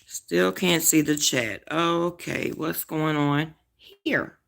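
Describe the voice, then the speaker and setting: A woman's voice: deep voice, fairly even intonation, slow pace, creaky. Brash woman ranting on a live stream. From Alabama, US. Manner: brash, profane, trash-talking. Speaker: vlogger hosting a live stream. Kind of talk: casual live-stream chat. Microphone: phone.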